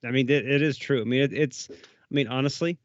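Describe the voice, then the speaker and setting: A man's voice: medium pitch, fast talker, no room sound. A man co-hosting a podcast, complaining emphatically in casual chat. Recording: dry, dull lo-fi podcast audio.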